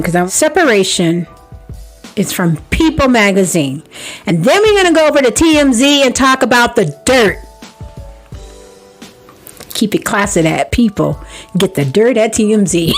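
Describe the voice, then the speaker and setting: A woman hosting a celebrity gossip vlog, sassy and playful, talking straight to her viewers. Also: a little high.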